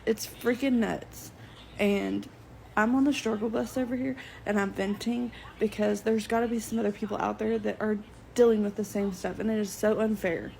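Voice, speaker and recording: A woman's voice: medium pitch, fairly even intonation, normal speed, creaky, a little mellow, a little hiss or hum, low-quality recording. A woman venting to the camera in a frustrated rant, asking incredulous questions. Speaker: working household earner.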